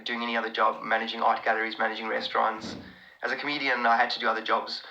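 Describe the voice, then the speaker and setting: A South African comedian chatting casually on a live stream, answering viewers' comments in a rambling, excitable way with many restarts. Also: male voice, mid-range voice, brisk, creaky, muffled recording.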